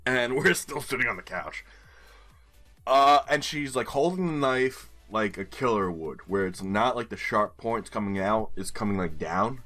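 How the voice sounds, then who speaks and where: A man in his twenties doing casual gameplay commentary as a streamer, telling a story in an animated way with casual swearing. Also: fairly low pitch. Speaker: game streamer.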